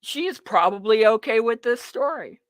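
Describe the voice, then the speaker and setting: A man's voice: extremely high pitch, expressive, moderate pace, dry recording. A man hosting a live talk radio show, giving blunt, opinionated news commentary in a rambling way full of ums and uhs.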